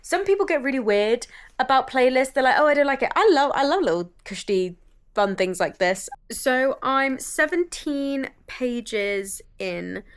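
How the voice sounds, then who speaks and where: A woman talks casually in a vlog, chatty and enthusiastic, with the odd swear word. Her voice sits somewhat high and sounds smooth and clear. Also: sing-song, unhurried. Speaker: book vlogger.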